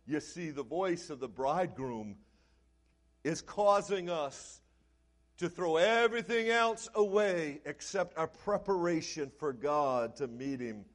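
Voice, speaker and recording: A man preaching a sermon as pastor, swinging between quiet, low passages and loud, shouted lines. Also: expressive, takes it slowly.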